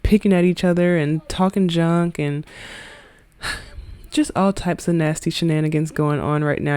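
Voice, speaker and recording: A woman's voice: sits low, dark tone. Chatty giggly woman gamer. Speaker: gaming video creator. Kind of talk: casual let's-play commentary.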